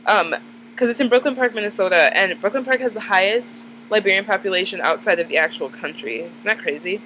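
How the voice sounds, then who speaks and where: A woman's voice: medium pitch, fairly quick, background noise. A woman in her twenties, chatting casually to camera, rambling and full of "like" fillers. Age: 20s. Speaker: vlogger. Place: dim room at night.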